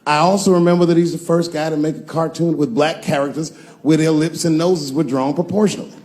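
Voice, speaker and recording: A man's voice: on the high side, fairly even intonation, brisk, darkish tone. A male stand-up comedian telling profane stories and acting out the voices. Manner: profane, storytelling delivery with acted-out voices.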